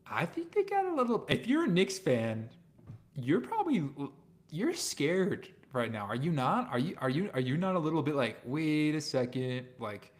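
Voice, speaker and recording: A man as a guest on a casual sports podcast, blunt and opinionated, often trailing off quietly at the ends of his points. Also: a little high, wildly swooping pitch, normal speed.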